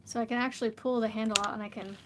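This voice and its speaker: A woman talks casually and rambles on a crafting vlog, laughing often as she goes. Her voice sits a little high. A faint hiss runs under the recording. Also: steady tone, very fast. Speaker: crochet vlogger. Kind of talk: casual livestream chat while crafting.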